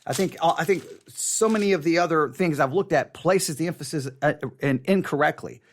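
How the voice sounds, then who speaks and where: Earnest high-voiced man teaching scripture. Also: moderate pace, a little hiss or hum. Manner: earnest, stumbling restarts, emphatic repetition. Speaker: Bible study teacher. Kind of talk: unscripted Bible study teaching.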